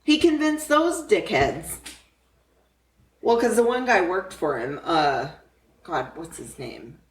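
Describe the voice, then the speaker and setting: A woman's voice: fairly low pitch, sing-song, slow, roomy sound, recorded from a distance. A woman co-hosting a podcast in casual political chat, blunt, heated and profane. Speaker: podcast co-host.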